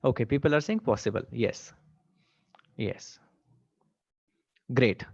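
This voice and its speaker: A man's voice: mid-range voice, slow pace, gravelly, darkish tone, dry recording. A man teaching a live online class, often checking in with his students and repeating "okay" and "right". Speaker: online exam-prep teacher. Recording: dry, slightly dull webcast audio.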